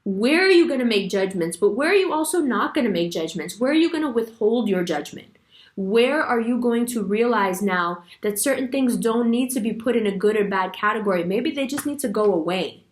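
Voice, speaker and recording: A woman's voice: fairly high pitch, expressive, a little fast, roomy sound. Frank, slangy woman reading tarot. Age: adult with a son. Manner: laughs often while talking. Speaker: tarot reader. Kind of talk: casual tarot reading monologue.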